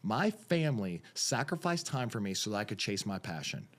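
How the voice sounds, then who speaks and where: A man talks through his path into coaching and refereeing as a podcast guest. His storytelling is casual and animated. He keeps slipping into the voices of the people he quotes. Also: fairly low pitch, normal speed. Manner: animated storyteller, acts out quotes, repeats phrases.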